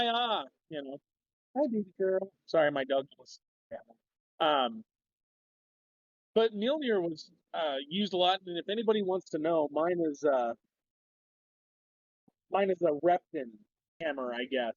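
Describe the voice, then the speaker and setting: A man's voice: on the high side, dry recording, dull audio. A man with a Minnesotan accent, a guest on a livestream, talking in a loose, rambling way with some cursing. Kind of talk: casual livestream discussion.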